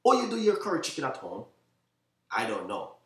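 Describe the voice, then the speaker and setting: A man with a Jamaican accent, a chef hosting a live cooking stream, chatting to viewers in quick, repetitive talk and often saying "you know what I mean". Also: medium pitch, wildly swooping pitch, vocal fry, fairly bright tone, echoey room, distant mic. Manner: talks fast, by his own account.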